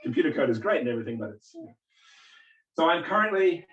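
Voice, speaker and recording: This guest speaker, a physics lecturer in his forties from New Zealand whose accent is English-tinged, gives a chatty, self-mocking public talk at a meeting house for a community gathering. He talks at a quick pace in a fairly high voice with big pitch swings. The muffled recording sounds roomy, with the mic placed far off.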